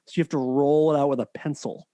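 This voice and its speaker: A man's voice: a little high, fairly even intonation, fast, dark tone, no echo. A man hosting a podcast, chatting casually with a teasing, dry sense of humor. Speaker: podcast host. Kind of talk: casual chat.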